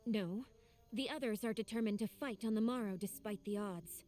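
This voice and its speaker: A woman's voice: medium pitch, moderate pace, darkish tone, faint music behind, close to an everyday voice. An actress playing a cold, proud noblewoman turned traitor in a game, with formal, haughty diction. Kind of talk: game voice acting.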